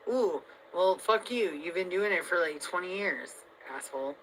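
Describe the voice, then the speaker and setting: A woman vlogger venting to her viewers in a rambling, heavily profane monologue that swings between loud outbursts and low mutters. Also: expressive, normal speed, few pauses, slight background noise, rough recording.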